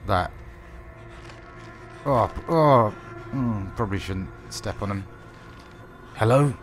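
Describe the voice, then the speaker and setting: A man giving wry, sarcastic let's-play commentary while playing a horror game, swearing often and yelling when startled. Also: lowish voice, expressive, slow, soft background music. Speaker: gaming video host.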